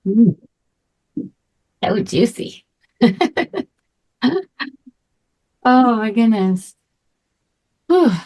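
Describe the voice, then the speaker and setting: A middle-aged woman leading a spiritual group talk as a manifestation coach, effusive and emotional, sometimes dropping into soft breathy asides. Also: on the high side, very slow, long pauses.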